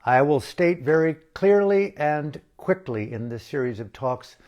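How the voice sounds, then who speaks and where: A man giving an impassioned spoken address as an activist, slow and emphatic, with dramatic pauses and repeated phrases. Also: on the high side, expressive, lo-fi sound. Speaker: activist speaker.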